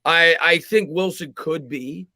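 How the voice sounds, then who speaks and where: A man hosting a live sports show, reading out viewer comments and giving quick, emphatic football opinions, often repeating words as he argues a point. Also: on the high side, sharp tone, dry recording. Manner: fast, emphatic, repeats words when arguing. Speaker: sports podcast host.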